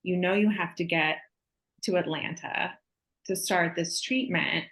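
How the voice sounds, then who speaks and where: A woman co-hosting a podcast, asking questions in an empathetic, measured way. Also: on the low side, steady tone, a bit bright, poor audio. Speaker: guest co-host. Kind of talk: podcast interview.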